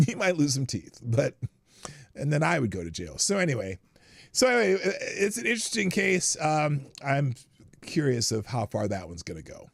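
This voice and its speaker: A man's voice: fairly high pitch, huge pitch swings, normal speed, gravelly, dry recording, studio quality. An older man hosting a live news commentary stream, chatting casually, laughing often and reading articles aloud with his own asides.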